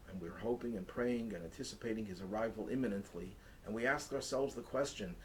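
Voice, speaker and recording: Guy giving a torah lesson, earnest, mid-pitched, pushes harder on the big points. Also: slight background noise, rough recording. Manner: earnest, builds intensity when stressing points. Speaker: rabbi teaching the weekly Torah portion.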